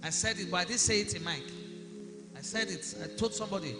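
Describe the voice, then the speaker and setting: A male pastor with preaching a sermon, asking the congregation questions and rising to shouts. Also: sits high, fast. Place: church hall. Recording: long hall reverb with music behind.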